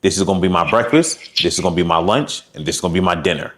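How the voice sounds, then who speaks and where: A man's voice: low-pitched, expressive, fast, fairly bright tone, slight background noise. A man working as a fitness coach, giving direct, encouraging advice and talking through examples. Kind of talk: coaching session.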